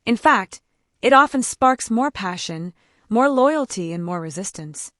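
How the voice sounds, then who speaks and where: Measured woman, dry close sound. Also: medium pitch, animated, fairly bright tone, no room sound. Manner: measured, grave. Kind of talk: scripted commentary.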